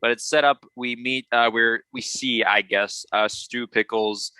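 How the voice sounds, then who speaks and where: A man co-hosting a casual movie discussion podcast, animated and full of fillers, often breaking into squeaky impressions. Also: measured pace, smooth, dry recording. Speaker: podcast co-host.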